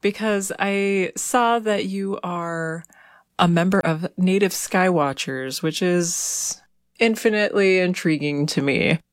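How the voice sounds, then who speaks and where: A woman's voice: on the low side, slow pace, no room sound, clean studio sound. A woman interviewing a guest, asking curious and encouraging questions.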